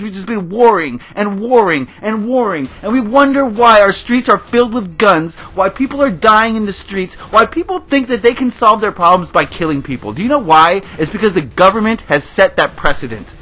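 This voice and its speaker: A man's voice: sits high, lively intonation, moderate pace, hardly any pauses, a bit bright. A man hosting a gaming video, giving a passionate, emotional rant to his viewers. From United States. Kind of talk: ranting commentary over gameplay.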